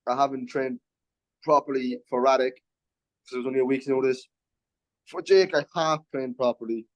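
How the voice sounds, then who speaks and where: A man's voice: mid-range voice, steady tone, dull audio. A young man, an MMA fighter talking confidently in a casual interview, often restarting his words. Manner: brash and confident, quick restarts.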